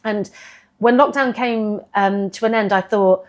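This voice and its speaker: A woman's voice: mid-range voice, unhurried. A middle-aged woman, a business founder, talking candidly and chattily as a podcast guest, often restarting her sentences. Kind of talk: casual interview chat.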